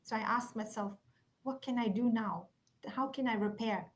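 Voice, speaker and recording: Earnest woman, slightly high voice. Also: normal speed. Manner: earnest, reflective, softens to near whispers at key points. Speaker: guest speaker. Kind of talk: heartfelt conversational storytelling.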